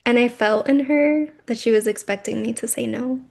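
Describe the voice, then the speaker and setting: A woman guest on a podcast, a birthworker, talking in a relaxed and thoughtful way. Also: a little high, normal speed, vocal fry. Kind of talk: casual conversation.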